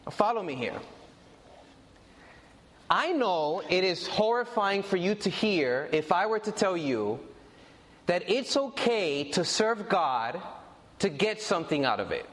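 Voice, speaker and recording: A man's voice: high-pitched, sing-song, slow pace, pauses often, a bit bright, long reverb tail. A man preaching a sermon in a conversational way, repeating and stressing his points to the congregation.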